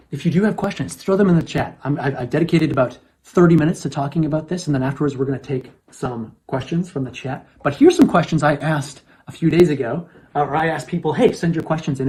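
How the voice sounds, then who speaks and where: A man's voice: fairly high pitch, a little mellow. A man casually presenting an astronomy lesson on a livestream. He talks in a chatty way, repeats phrases and keeps checking in with "okay?".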